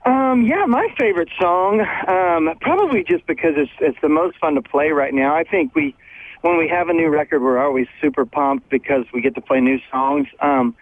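A man's voice: on the high side, normal speed, no room sound. A male musician calling in by phone from backstage at a concert, chatting enthusiastically and laughing easily while walking around. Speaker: touring musician, phone-in guest. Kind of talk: casual phone interview. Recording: tinny phone line.

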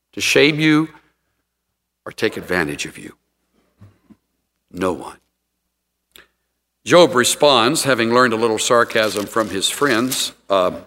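A middle-aged man preaching a sermon, telling stories with sudden jumps in pitch. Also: a bit bright, big-room sound. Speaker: pastor.

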